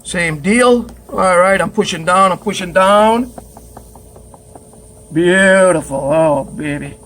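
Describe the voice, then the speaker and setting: High-voiced joking pottery teacher. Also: male voice, takes it slowly, a bit bright. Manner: chatty, joking, enthusiastic. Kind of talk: hands-on wheel demonstration. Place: pottery studio.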